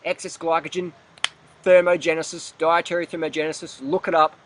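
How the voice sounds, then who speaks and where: A man's voice: a little high, level tone, fairly quick, a bit bright, slight background noise. A man ranting bluntly in a fitness vlog, profane, emphatic and repetitive. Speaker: fitness vlogger.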